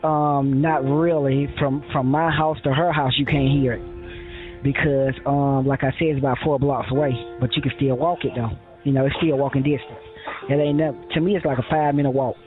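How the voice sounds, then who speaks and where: A man's voice: mid-range voice, fairly even intonation, normal speed. A man telling his story in a rambling way, quoting other people, with many fillers and restarts, in a phone interview. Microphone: phone line. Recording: tinny phone line with faint music.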